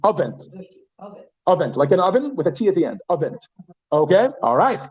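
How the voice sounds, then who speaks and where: A man teaching a Yiddish class, chatty and lively, who repeats words slowly and asks the class questions. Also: sits high, husky, dull audio. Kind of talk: classroom lesson.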